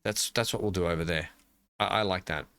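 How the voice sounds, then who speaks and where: A man's voice: deep voice, fairly quick, fairly bright tone, a little hiss or hum. An Australian man giving casual gameplay commentary as a channel host, rambling playfully and talking to himself as he builds.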